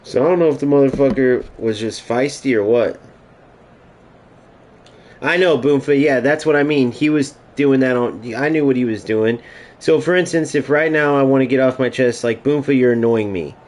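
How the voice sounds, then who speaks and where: A man's voice: medium pitch, normal speed, darkish tone, poor audio. A man streaming a game, ranting casually and profanely to his chat. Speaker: gaming streamer.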